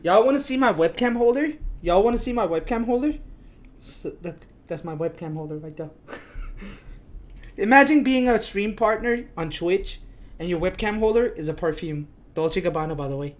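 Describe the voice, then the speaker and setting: A woman streaming a game live, swearing freely and breaking into panicked shouts. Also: mid-range voice, animated, moderate pace. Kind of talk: live gameplay commentary.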